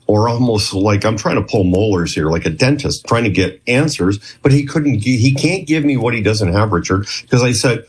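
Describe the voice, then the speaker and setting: Husky, low man, middle-aged, a chatty guest storyteller. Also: lively intonation, normal speed, few pauses. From Canada. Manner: rambling, chatty, with frequent restarts and acted quotes. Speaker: guest, former clinician who worked with police. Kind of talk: storytelling interview.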